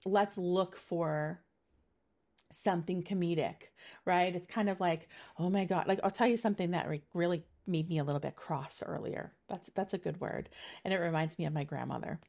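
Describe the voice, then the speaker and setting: A woman's voice: fairly low pitch, moderate pace, vocal fry, darkish tone. A middle-aged woman giving a casual intuitive energy reading, chatty and meandering with many fillers, laughing easily. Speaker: spiritual reader giving a monthly energy reading.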